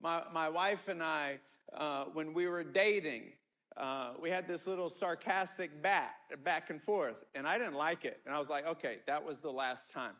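A man's voice: a little high, moderate pace, sharp tone. A middle-aged man preaching a sermon, emphatic and repetitive, often restarting his words. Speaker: pastor.

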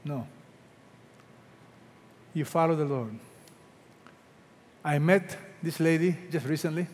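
Preaching man, high voice, long hall reverb. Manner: preaching with rhetorical questions to the congregation; swings between loud emphatic peaks and hushed drawn-out quotes. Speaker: pastor. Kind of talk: sermon.

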